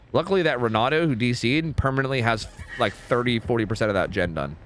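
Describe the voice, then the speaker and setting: A young man streaming a game, talking casually and swearing as he thinks out loud. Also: medium pitch, fast talker, hardly any pauses, a little hiss or hum. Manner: animated, profane, thinks out loud. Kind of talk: casual live-stream gameplay commentary.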